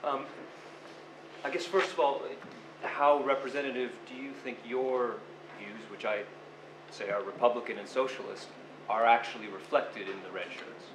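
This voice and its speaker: A man's voice: mid-range voice, fairly even intonation, normal speed. A man in the audience asking a series of articulate questions during a Q&A. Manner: articulate, asks layered questions. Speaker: audience member. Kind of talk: public Q&A question. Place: university lecture room. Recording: echoey lecture hall with noise.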